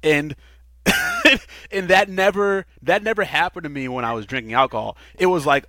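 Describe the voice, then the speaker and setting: A man in casual interview talk, telling his recovery story in an earnest, animated way and laughing now and then. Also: fairly high pitch, moderate pace, no echo. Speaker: podcast guest.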